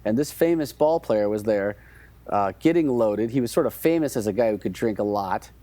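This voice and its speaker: A man's voice: lowish voice, animated, normal speed, warm tone, no echo. A man co-hosting a podcast, telling an anecdote in a rambling, hesitant way with many restarts. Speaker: podcast co-host. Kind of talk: casual chat, storytelling.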